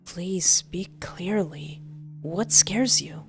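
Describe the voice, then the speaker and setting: Lady doing a creepy soft-spoken kidnapper guy, slow and hushed, lowish voice. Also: soft background music, natural voice. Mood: coldly patient. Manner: slow, gentle, hushed, barely controlled anger. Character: soft-spoken possessive young male kidnapper.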